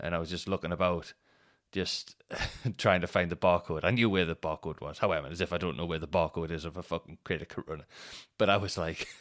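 A man's voice: sits low, fairly bright tone. Sweary man telling a funny story. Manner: sweary, rambling, laughs through anecdotes. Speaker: podcast host. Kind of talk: casual storytelling monologue.

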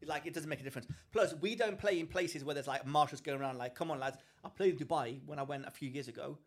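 A man from England co-hosting a podcast, telling a story in a lively, animated way and often restarting his sentences. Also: a little high, fast. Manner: animated storyteller, acts out quoted people, frequent restarts. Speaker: podcast co-host. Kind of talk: casual chat, storytelling.

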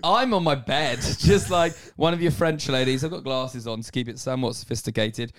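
Man, podcast co-host, casual chat, dry teasing humor, handheld mic, mid pitch. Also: normal speed. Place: on a bed at home.

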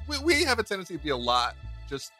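Teasing podcast co-host, animated pitch, clear music bed. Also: quick pace. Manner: teasing, laughs often. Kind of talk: casual podcast chat.

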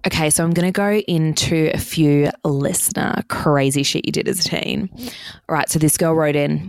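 A young woman hosts her podcast with a low, gravelly voice that keeps sinking into fry. She rambles casually through her stories, swearing freely and filling every pause with "like." The sound is dry and close, with no room around it. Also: fairly even intonation, no room sound. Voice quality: vocal fry. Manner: chatty, sweary, heavy use of "like". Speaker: podcast host. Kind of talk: casual storytelling monologue.

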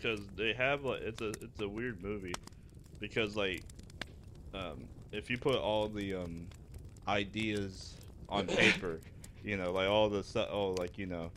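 A man's voice: fairly low pitch, fairly even intonation, a little slow, fairly bright tone, a little hiss or hum. A man co-hosting a podcast, rambling with restarts and crude jokes in casual chat. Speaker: podcast co-host.

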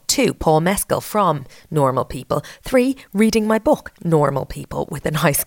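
Irish lady host, low pitched, chatty and jokey, dry sound. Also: no room sound. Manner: chatty, playful, quick asides. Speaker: podcast host. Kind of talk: casual chat.

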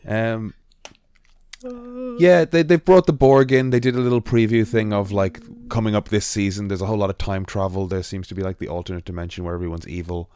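A man's voice: fairly low pitch, fairly even intonation, a little fast, mellow, clean tone, dry recording. A man co-hosting a podcast in casual chat, rambling with frequent ums and restarts. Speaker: podcast co-host.

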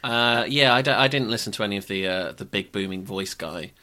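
Bright-voiced young man. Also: fairly low pitch. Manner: chatty, amused, quick to laugh. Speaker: podcast co-host. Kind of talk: casual chat.

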